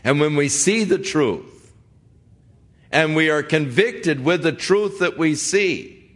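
A middle-aged male pastor who talks in an easy, conversational way. His unhurried delivery gives each point room. He slips into the voices of the people he describes to make his point. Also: on the high side, fairly bright tone. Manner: conversational preaching, acting out quoted voices. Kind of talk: sermon.

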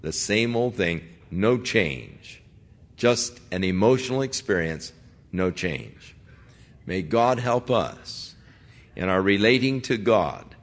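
A middle-aged male pastor who talks in an easy, conversational way. His unhurried delivery gives each point room. He slips into the voices of the people he describes to make his point. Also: fairly low pitch, expressive. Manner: conversational preaching, acting out quoted voices. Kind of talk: sermon.

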